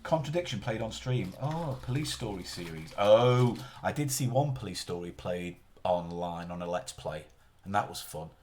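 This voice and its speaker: Man, streamer, casual chat, rambling, self-interrupting, lively intonation. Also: lowish voice, moderate pace.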